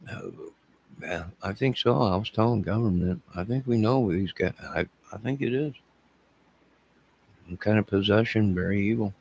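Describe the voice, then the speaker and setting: A man's voice: on the low side, moderate pace, gravelly, pauses often, a little mellow, slightly rough. A middle-aged man hosting a livestream, talking in an emotional, repetitive way and addressing his chat. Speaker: channel host. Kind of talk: rambling livestream talk.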